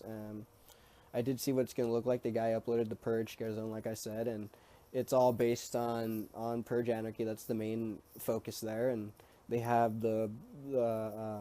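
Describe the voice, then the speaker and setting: A man chatting casually to his camera with a mellow, warm tone, rambling as he goes. His speech is easygoing but hesitant, with frequent ums and false starts. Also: on the low side. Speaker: vlogger.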